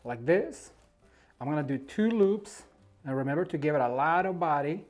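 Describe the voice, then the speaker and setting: A man's voice: on the high side, expressive, normal speed. A man hosting a casual at-home decorating demonstration, effusive and encouraging as he works. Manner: effusive, encouraging, gushes over the materials. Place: at home beside a Christmas tree.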